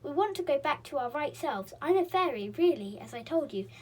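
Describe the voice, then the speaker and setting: A woman's voice: high-pitched, expressive, a little fast, a little hiss or hum, pitched above the performer's own voice. A woman voicing a sweet, nervous little fairy girl who has been turned into a doll. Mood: pleading. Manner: soft, nervous.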